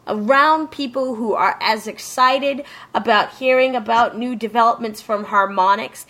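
A woman's voice: fairly high pitch, a little slow, bright, forceful tone. A woman co-hosting a casual chat, emphatic and ranting, swearing freely.

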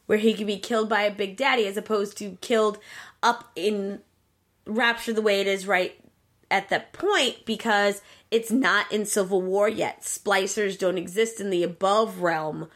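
A woman co-hosting a casual chat, retelling a game's plot in an animated way with plenty of swearing. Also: mid-range voice, moderate pace. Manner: profane, animated storyteller. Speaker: podcast co-host.

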